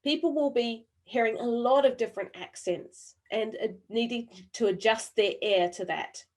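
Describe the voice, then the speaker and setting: A woman with a New Zealand accent, worn smooth by years living abroad, leads an online training session over a video call. She speaks deliberately, with frequent pauses and fillers, and keeps the audience involved by asking them questions in the chat. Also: fairly high pitch, darkish tone. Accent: New Zealand, softened by years abroad. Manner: engaging, quizzes the audience through the chat. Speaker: webinar presenter.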